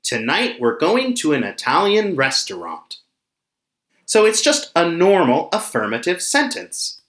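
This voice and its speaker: Slow, lively-voiced English teacher in an echoey room. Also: mid-range voice. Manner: speaks slowly and pointedly, acting out example sentences. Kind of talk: slow, expressive classroom explanation.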